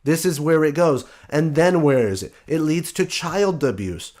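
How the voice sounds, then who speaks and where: A man's voice: on the high side, animated, measured pace, darkish tone. A man hosting a show, delivering a blunt, sarcastic opinion monologue. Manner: blunt, sarcastic, mocking quoted voices. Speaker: podcast host.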